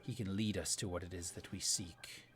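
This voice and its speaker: A man voicing an ominous male dark lord in a tabletop game, giving orders in a low whisper. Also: fairly even intonation, normal speed, lightly acted.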